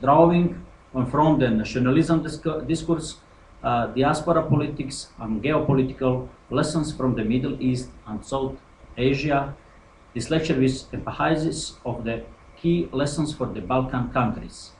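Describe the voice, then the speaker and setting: A man's voice: mid-range voice, normal speed, a little mellow. A man hosting a lecture, reading a formal introduction of the guest speaker. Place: lecture hall. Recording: echoey hall with faint noise.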